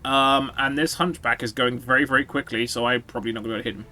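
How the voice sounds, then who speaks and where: A man's voice: mid-range voice, steady tone, fast, pushed and bright. A man giving casual, sarcastic commentary while streaming a video game, swearing and joking with his chat.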